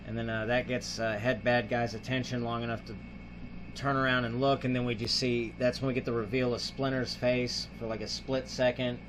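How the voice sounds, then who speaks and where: A man's voice: medium pitch, flat delivery, normal speed, background noise. A male host casually retelling a film's plot in a rambling, filler-heavy way, acting out the characters' lines. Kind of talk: casual film review.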